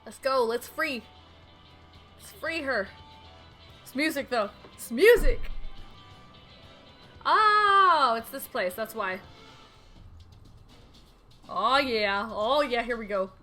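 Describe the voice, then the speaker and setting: Woman, game streamer, excitable, slow-paced, faint music behind. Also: fairly high pitch, rough recording. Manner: excitable, squealing exclamations; reads game dialogue aloud.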